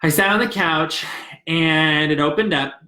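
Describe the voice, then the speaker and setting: Young southern guy spilling his story, bright highish voice, kinda echoey room. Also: measured pace. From American South. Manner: earnest, emotional, rambling confessional. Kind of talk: personal story, casual retelling.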